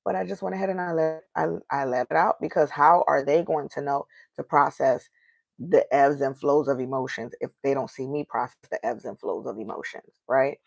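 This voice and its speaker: A rumbling low, gravelly woman's voice moves at a moderate pace in a dry recording. The speaker, a podcast host in her thirties with an African American accent, vents openly on her own show in a casual solo monologue, throwing out rhetorical questions.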